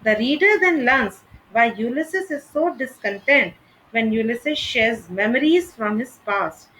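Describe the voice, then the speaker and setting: Slow, deliberate woman reading a lesson. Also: fairly high pitch, lively intonation, bright, forceful tone, a little hiss or hum, low-quality recording. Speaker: literature teacher. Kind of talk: scripted lesson narration.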